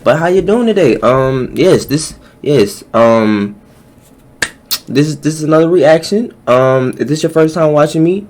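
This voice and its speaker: Lively male reactor, casual and slangy, pitch leaps when shocked. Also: a little slow. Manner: animated, slangy, jokey, pitch jumping up when surprised. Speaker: reaction YouTuber.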